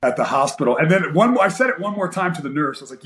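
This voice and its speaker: With a voice on the high side, a man in his forties talks quickly with few pauses against a noisy background in an echoey room. A guest fighter and coach, he animatedly tells a story in a casual interview, acting out quoted voices and filling it with fillers.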